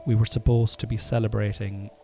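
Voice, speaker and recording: A middle-aged Irish man hosting a podcast from home while sick, coughing now and then, rambling and swearing, with sudden loud bursts. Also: lowish voice, level tone, a little fast, gravelly, soft background music. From Ireland. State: sick with covid, congested and coughing. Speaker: podcast host. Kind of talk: casual solo podcast monologue.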